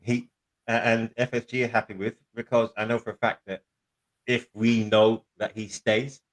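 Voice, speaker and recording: A man's voice: lowish voice, flat delivery, moderate pace, poor audio. A man co-hosting a casual football chat who restarts his sentences and drives his points home with blunt questions. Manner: hesitant, restarts, emphatic questions. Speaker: football podcast co-host.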